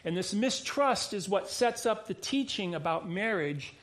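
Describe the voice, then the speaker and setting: A man's voice: high voice, expressive, a little slow, fairly bright tone. A man, a pastor, preaching a sermon in a conversational way, often restarting phrases and adding asides. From United States.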